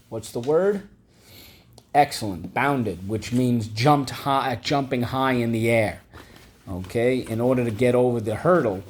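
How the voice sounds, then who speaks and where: A man teaching a vocabulary and phonics lesson, patiently repeating each word and asking the class to say it back. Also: mid-range voice. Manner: patient, repeats words and asks the class to echo them.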